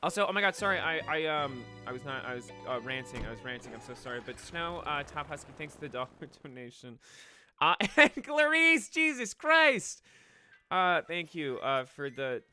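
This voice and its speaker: A man's voice: mid-range voice, brisk, hardly any pauses, bright, forceful tone, soft background music. A young man on a late-night game stream, rambling emotionally about a lost pet, choked up at times. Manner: rambling, emotional, with restarts and swearing.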